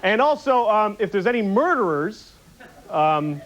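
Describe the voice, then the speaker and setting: A man's voice: sits high, big pitch swings, unhurried. A man doing a stand-up routine on a TV studio stage, with a rambling, mock-indignant observational delivery. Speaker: stand-up comedian. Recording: muffled TV broadcast with audience noise. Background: studio audience.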